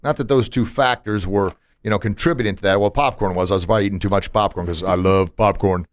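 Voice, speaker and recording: A man's voice: fairly low pitch, steady tone, quick pace, no room sound, studio quality. A man hosting a podcast in casual chat, emphatic and motivational, with punchy asides. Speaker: podcast host.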